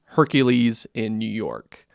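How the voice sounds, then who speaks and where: A man's voice: fairly low pitch, slow pace, vocal fry, clear, resonant tone, dry recording, studio quality. Laid-back man reading podcast notes. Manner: relaxed, laughs often, reads notes aloud. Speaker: podcast co-host. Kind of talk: casual chat.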